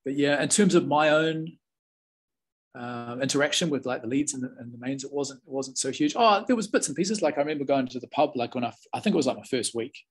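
A New Zealand man in his forties talks as an interview guest, telling anecdotes in a relaxed, chatty manner. His voice is husky and sits at a middling pitch. He often stops mid-sentence and starts over. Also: a little fast. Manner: laid-back and chatty, many restarts. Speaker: interview guest, former film extra. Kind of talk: casual storytelling.

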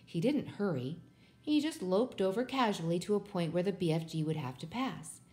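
A woman reading a children's book aloud in a steady, expressive way. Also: on the low side, moderate pace. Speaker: storybook reader.

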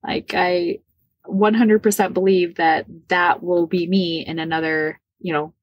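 A woman in her forties from the Midwest of the United States, telling a personal story as a podcast guest, animated and laughing often. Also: lowish voice, husky, dry recording. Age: 40s. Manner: animated, laughs often, acts out quoted dialogue.

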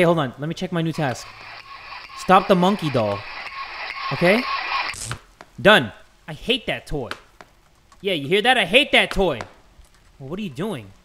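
Young male gamer, high voice, playing horror at his desk, faint hiss behind him. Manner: jumpy, loud outbursts and joking asides. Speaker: gaming YouTuber. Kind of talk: horror game let's play commentary.

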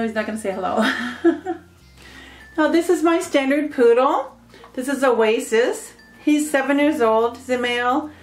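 A woman's voice: fairly high pitch, roomy sound. A woman chatting casually about her pets at home, rambling a little and cooing at the animals. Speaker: pet vlogger. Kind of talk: casual show-and-tell.

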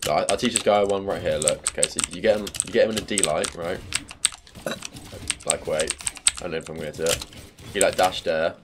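Brief: deep-voiced male streamer, sweary and teasing, keyboard clicks behind. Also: fairly even intonation, brisk, pauses often, noisy background. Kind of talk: casual gaming stream chat.

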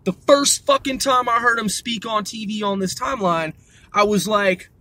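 High bright-voiced man ranting. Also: normal speed. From United States. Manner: profane, heated, repetitive. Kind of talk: ranting monologue.

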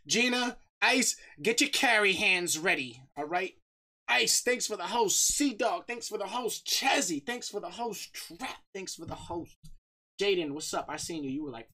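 A man's voice: high voice, sharp tone. A man hosting a casual livestream, chatting upbeat and greeting viewers by name. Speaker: streamer.

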